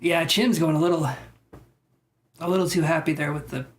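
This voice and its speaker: A man's voice: fairly high pitch, fairly even intonation, normal speed. A chatty man on a live tarot stream, talking loosely and wandering from thought to thought. He answers viewer comments in an easygoing, unscripted way, picked up by a simple streaming mic.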